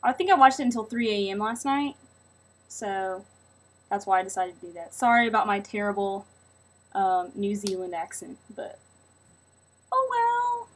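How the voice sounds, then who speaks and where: A woman's voice: mid-range voice, normal speed, poor audio. A young woman vlogger chatting casually to her viewers, rambling and apologetic. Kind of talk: casual vlog chat.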